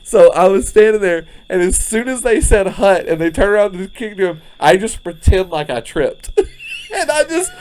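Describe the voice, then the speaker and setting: This podcast co-host speaks at a normal speed in a high voice, sitting on a front porch during a casual chat. He's an animated storyteller who laughs a lot.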